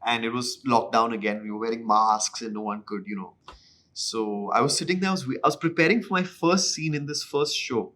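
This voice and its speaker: An actor recounts stories with animated energy, often acting out both sides of a conversation. His voice sits in an ordinary middle range, and he jokes at his own expense. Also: mid-range voice, a little fast. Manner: animated, acts out dialogue in other voices; self-deprecating, mixes in Hindi phrases. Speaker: actor, interview guest. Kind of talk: anecdotal storytelling.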